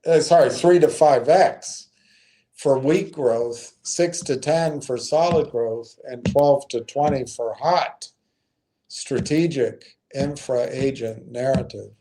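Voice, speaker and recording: A man talks slowly and unhurriedly in a warm, darker voice. He hosts a casual investing stream and reads numbers aloud. He pauses on fillers and corrects himself as he goes. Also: medium pitch. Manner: unhurried, thinking aloud with frequent ums and self-corrections. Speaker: stream host. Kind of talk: casual investing talk, reading out analysis.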